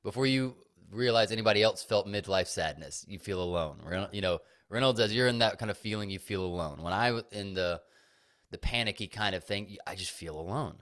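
A man's voice: fairly low pitch, fairly quick, a bit bright. A man co-hosting a podcast, speaking earnestly and reflectively about his feelings in casual chat. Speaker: podcast co-host.

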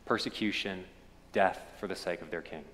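Kentucky preacher in a reverberant sanctuary. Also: male voice, sits low, normal speed. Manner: storytelling preacher, swells then drops to quiet. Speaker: pastor. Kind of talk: sermon.

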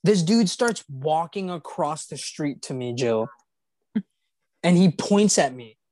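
A man's voice: a little high, animated, slow, darkish tone, no room sound. A young man hosting a podcast, telling a story casually with many fillers and restarts. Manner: rambling, filler-heavy, laughing retelling. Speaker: podcast host.

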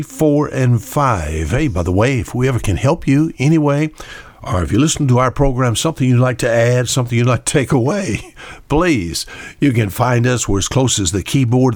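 A man's voice: mid-range voice, no echo. Folksy older man preaching on radio. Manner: folksy, conversational, repeats key words for emphasis. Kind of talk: radio sermon.

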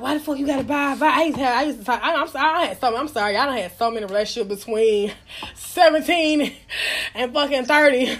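A woman in her thirties telling frank, profane stories in casual chat, acting out what others said. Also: high voice. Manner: blunt, profane, animated, acts out quotes.

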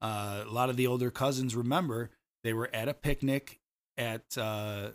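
Chicago guy cohosting a podcast, jokey animated storyteller. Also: mid-range voice, normal speed. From Chicago area. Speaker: podcast co-host. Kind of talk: casual chat.

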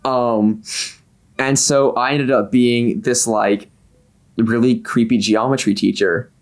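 A man's voice: medium pitch, slow pace. Easygoing man telling improv stories. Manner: relaxed storytelling with many fillers. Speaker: podcast guest, improv performer. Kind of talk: casual podcast chat.

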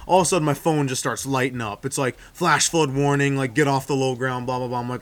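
A man's voice: mid-range voice, steady tone, quick pace, hardly any pauses. A young man co-hosting a podcast, telling stories among friends and acting out what people said. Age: young adult. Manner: storytelling, acting out quotes. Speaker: podcast co-host. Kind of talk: casual chat among friends.

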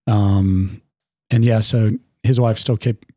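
A man's voice: on the low side, fairly even intonation, takes it slowly, dark tone, no echo, studio quality. A man co-hosting a podcast in casual chat, rambling fondly with lots of fillers. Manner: rambling, filler-heavy, fond storytelling. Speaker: podcast co-host.

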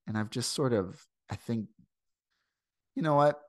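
A man's voice: medium pitch, a little slow, no room sound, clean studio sound. A man with a Midwestern American accent hosting a podcast over a video call, chatting casually and rambling with lots of fillers. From St. Louis, USA. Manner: rambling, digressive, many fillers. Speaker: podcast host.

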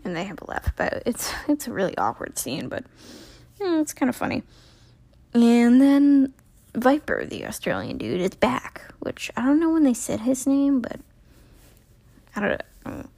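A woman's voice: on the high side, very animated, moderate pace, gravelly, dark tone, no room sound. A young woman recapping a TV episode in a casual, rambling way, full of "like" and acted-out character lines, sounding tired.

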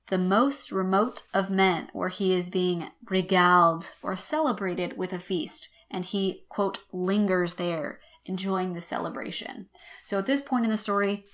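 A woman hosting a podcast lesson, explaining an old text in a wry, chatty way and slowing down to read quotations. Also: fairly low pitch, a bit bright. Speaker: podcast host teaching literature.

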